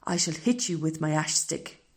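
A woman voicing a ten-year-old boy who whispers hoarsely, stammers and threatens nervously. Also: low-pitched, expressive, moderate pace. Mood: nervous threats.

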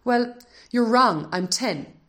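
A woman voicing a ten-year-old boy who whispers hoarsely, stammers and threatens nervously. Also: fairly low pitch, normal speed, natural voice. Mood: nervous threats.

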